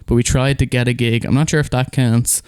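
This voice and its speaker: An Irish man spins loose, laughing anecdotes about bad gigs as a podcast guest. His voice is smooth and clear, and it is recorded close and dry in a bedroom. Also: mid-range voice, level tone, fairly quick, a little mellow, no echo. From Ireland. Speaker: guest drummer. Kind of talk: casual podcast storytelling.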